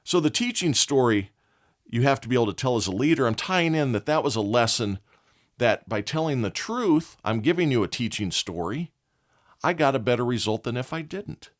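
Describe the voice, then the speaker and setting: A man's voice: mid-range voice, animated, normal speed. A man hosting a leadership podcast, telling a candid, folksy story and chuckling often. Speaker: podcast host.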